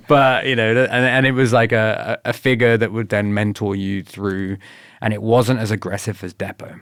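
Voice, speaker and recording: A fairly low-pitched man with a British accent talks through his stories in a relaxed, easygoing way. He often slips into livelier voices when quoting other people. The sound is dry and close, with no room echo. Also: normal speed, clear, resonant tone. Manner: laid-back, laughs often, quotes others in lively bursts. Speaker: podcast guest, former paratrooper. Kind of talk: casual storytelling interview.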